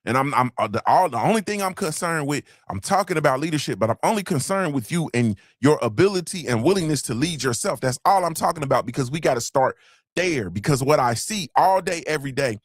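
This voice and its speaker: A man's voice: a little high, lively intonation, fairly quick, dry recording, studio quality. A man hosting a motivational podcast livestream, preaching and repeating his points, swearing casually and asking "you feel me". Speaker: podcast host.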